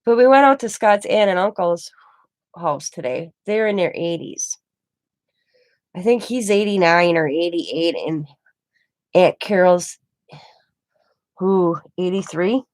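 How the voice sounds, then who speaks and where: A woman's voice: fairly low pitch, slow, pauses often, a little mellow, no room sound. A middle-aged woman, casually chatting and telling a rambling family story full of quoted back-and-forth. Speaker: craft channel host. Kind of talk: casual chat to camera.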